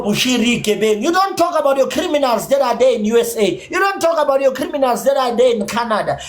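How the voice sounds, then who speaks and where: A South African man with a Zulu accent, holding forth on his own livestream in a heated rant. He is combative and swears freely. He drops in and out of Zulu mid-sentence as he scolds his viewers. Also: very high-pitched. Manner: combative, profane, mixes English with Zulu. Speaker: livestream host.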